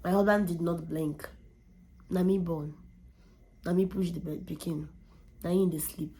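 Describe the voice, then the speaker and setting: A young woman, telling a candid personal story in an animated way and often repeating words for emphasis. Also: lowish voice, measured pace, slight background noise. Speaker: vlogger.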